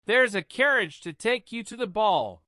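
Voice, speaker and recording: A brisk old fairy godmother, as a man puts her on in a storybook reading. She speaks in a raised, lively voice that leaps up and down, quick to give orders. The sound is dry and close. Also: high voice, no room sound, voice pushed up. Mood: triumphant. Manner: brisk, commanding.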